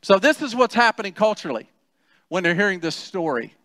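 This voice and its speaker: A man's voice: sits high, sing-song, brisk, fairly bright tone, no echo, long reverb tail. A man preaching a sermon as pastor, talking conversationally with rhetorical questions and acted-out quotes. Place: church sanctuary.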